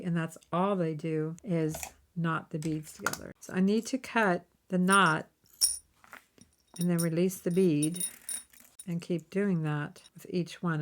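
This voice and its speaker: A woman's voice: lowish voice, a little hiss or hum. A woman hosting a jewelry-making tutorial, chatting casually and thinking aloud as she works, with friendly tips along the way. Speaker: jewelry-making channel host. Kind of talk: casual how-to demonstration.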